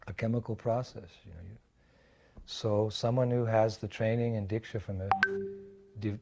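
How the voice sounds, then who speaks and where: Older man, monk speaker, mellow husky voice, anecdotal storytelling. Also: fairly low pitch. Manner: anecdotal, full of fillers and acted quotes. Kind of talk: storytelling reminiscence.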